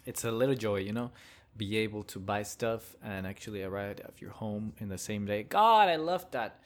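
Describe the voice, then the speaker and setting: A man's voice: fairly low pitch, little pitch movement, brisk. A young man hosting a casual solo rant, rambling and joking with frequent chuckles. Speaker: podcast host.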